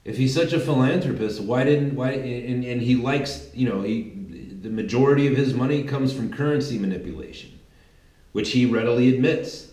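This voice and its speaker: A man's voice: medium pitch, normal speed, a little mellow, roomy sound, low-quality recording. A man giving a rambling, emphatic political monologue, often restarting his sentences and adding asides. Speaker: political commentator.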